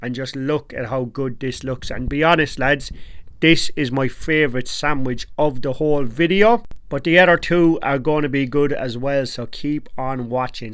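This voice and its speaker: Irish guy in his thirties, chatty home-cook vlogger, jokey and slangy, mid-pitched voice. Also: a bit bright, slight background noise. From Ireland. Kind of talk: casual cooking vlog chat.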